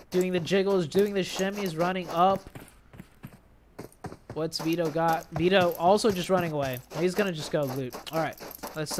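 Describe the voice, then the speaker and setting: A man casting a mobile shooter tournament play-by-play, excitable, with bursts on big plays, tired from an early start. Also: high voice, background noise. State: tired, yawning. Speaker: esports caster. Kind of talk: play-by-play commentary.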